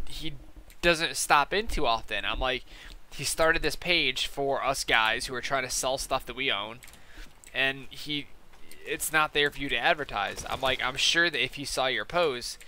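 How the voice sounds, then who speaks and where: Bright-voiced casual man telling a story. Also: mid-range voice. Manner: rambling, profane, keeps saying "I'm like". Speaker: gaming YouTuber. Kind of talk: casual storytelling while gaming.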